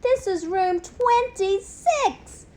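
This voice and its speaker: A woman voicing a small anxious male classroom hamster with a squeaky voice, reading a storybook. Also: extremely slow, exaggerated voice. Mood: alarmed. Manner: fretful, excitable, gasping.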